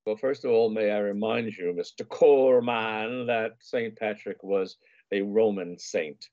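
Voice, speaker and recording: A man's voice: fairly low pitch, unhurried, a little mellow. An older man, a food and travel writer, telling a story in a loose, meandering way with many fillers. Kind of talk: casual storytelling chat. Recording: muffled lo-fi audio.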